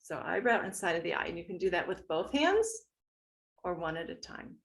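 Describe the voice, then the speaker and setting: A woman leading a guided tapping meditation, speaking gently and instructively as she walks listeners through each point. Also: fairly low pitch, sing-song. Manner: gentle, instructive, slow and soothing.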